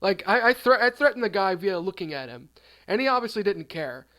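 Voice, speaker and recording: High-voiced man telling an absurd story. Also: fairly quick. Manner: rambling, deadpan absurd, trailing off. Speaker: storyteller, channel host.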